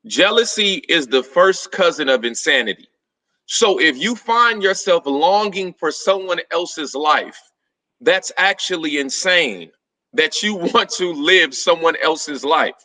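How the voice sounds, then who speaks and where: A man hosting a book club chat, his voice bright and forceful and sitting a bit high. He tells stories with energy and acts out the lines of the people in them. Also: a little slow, far from the mic, rough recording. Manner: animated storyteller, acts out dialogue with rising pitch. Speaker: book club host, personal trainer. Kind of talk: casual discussion.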